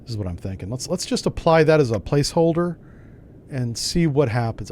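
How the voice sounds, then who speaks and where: A man's voice: medium pitch, animated, brisk, a little mellow, a little hiss or hum. A man hosting a gaming channel, giving casual gameplay commentary and thinking aloud in a wry, self-mocking way.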